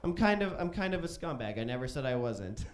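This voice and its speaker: A man in his thirties from Chicago doing stand-up comedy on a club stage, telling profane stories and jumping into loud voices for quotes. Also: mid-range voice, sing-song, a little fast. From Chicago, USA. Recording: roomy club stage echo.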